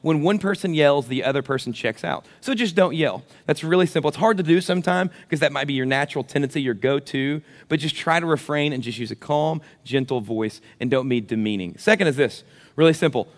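A man in his thirties, a pastor, giving a sermon with animated, self-deprecating stories. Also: a little high, brisk, big-room sound. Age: 30s.

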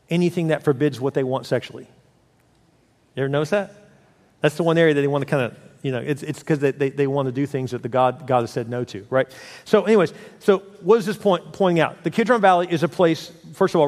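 A man preaching as pastor, telling the story with lively acted-out voices and frequent restarts. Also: a little high, long reverb tail. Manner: animated storytelling, acting out voices, many restarts. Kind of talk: sermon.

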